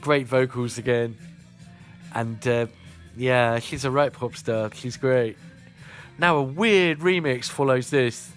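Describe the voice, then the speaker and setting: Chatty southern English radio host. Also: male voice, mid-range voice, takes it slowly, soft background music. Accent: Southern English, Kent and Sussex. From South East England. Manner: chatty, many "uh" fillers. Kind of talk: casual music radio chat.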